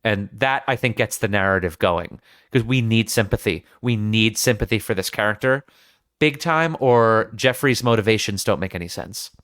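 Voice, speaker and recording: A man hosting a podcast talks earnestly through a film scene in an analytical but casual way, often restarting his sentences. His voice is lowish and fairly bright, at normal speed, with studio-quality sound and no room echo.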